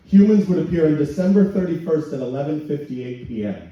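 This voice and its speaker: A man doing a stand-up set, telling crude stories in a deadpan way and putting on voices for the people he quotes. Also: on the high side, brisk, few pauses. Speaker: stand-up comedian. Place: comedy night in a function hall. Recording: echoey hall, distant, dull and lo-fi. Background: audience laughter.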